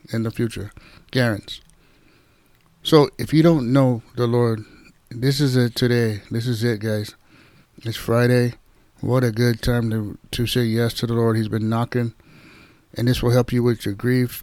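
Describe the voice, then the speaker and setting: A man giving an informal devotional talk as a Bible teacher, gentle and repetitive, often addressing listeners as "guys". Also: medium pitch, no echo.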